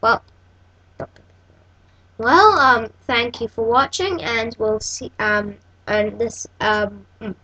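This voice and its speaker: A woman's voice: a little high, slow pace, pauses often, pushed and bright, rough recording. A woman hosting a casual coding tutorial, thinking aloud and correcting herself as she works. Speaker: tutorial host.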